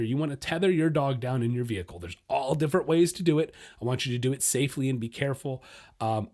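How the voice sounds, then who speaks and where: A man hosting a dog podcast, giving casual, blunt training advice and talking straight to his listeners. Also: medium pitch. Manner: blunt, animated, talks straight to listeners as "guys"; acts out a dog's inner voice in quick asides.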